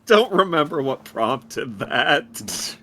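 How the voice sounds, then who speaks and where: A man's voice: a little high, very animated, extremely slow, bright, forceful tone, a little hiss or hum. A man hosting a live game stream, chatting casually and joking around. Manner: playful, jokey. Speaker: streamer host. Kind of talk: casual chat over gameplay.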